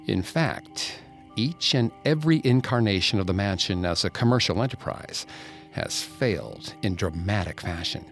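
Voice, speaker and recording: A man narrating a ghost story in a scripted, dramatic way, dropping to a hush at tense moments. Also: fairly low pitch.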